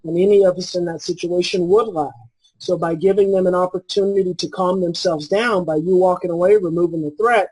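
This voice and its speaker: A man in his forties, a parenting expert guest, explaining in a calm, earnest way and repeating his key phrases. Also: high voice, a little fast, slightly rough, rough recording. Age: 40s. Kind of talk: conversational explaining.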